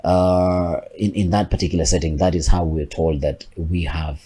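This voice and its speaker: Very deep husky man. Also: steady tone, normal speed, warm tone. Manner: reflective, repeats words and restarts while thinking aloud. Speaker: podcast co-host. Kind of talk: casual podcast chat.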